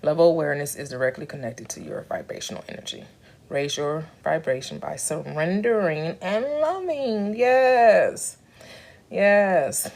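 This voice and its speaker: A woman's voice: low voice, expressive, a little slow, creaky, darkish tone. A woman giving a preachy spiritual talk, repeating phrases and asking questions back to listeners. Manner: preachy, repetitive, call-and-response. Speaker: spiritual teacher. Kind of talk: motivational spiritual teaching.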